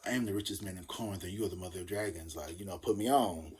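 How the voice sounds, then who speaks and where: A man's voice: deep voice, racing, close to an everyday voice. Man doing a smug boastful rich man.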